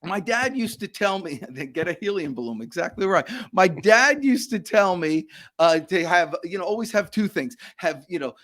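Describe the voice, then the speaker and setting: A man's voice: high voice, lively intonation, moderate pace, fairly bright tone. A man hosting a live online show over a video call, joking and rambling with frequent stumbles and laughs. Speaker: livestream show host. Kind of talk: casual live show banter.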